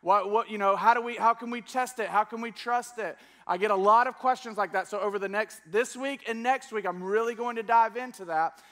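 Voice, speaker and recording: A man preaching a teaching sermon to a church congregation, energetic and coaxing them to join in. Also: high voice, fairly quick, hardly any pauses. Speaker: pastor. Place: church service before a congregation.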